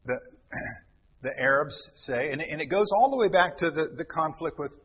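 Male preacher, lively swinging pitch, slightly husky, dull lo-fi sound, long hall reverb. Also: moderate pace. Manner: dramatic, emphatic, repeats words for stress. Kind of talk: sermon.

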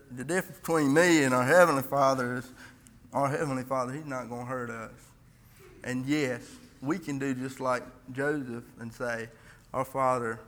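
A man's voice: mid-range voice, a bit bright, big-room sound. A man giving an informal, earnest church sermon, reading scripture and often restarting his sentences. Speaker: lay preacher.

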